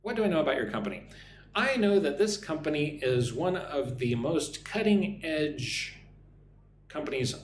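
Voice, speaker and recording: A man teaching English on a live stream, reading out viewer comments and drilling pronunciation slowly. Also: fairly high pitch, sing-song, reverberant, slight background noise.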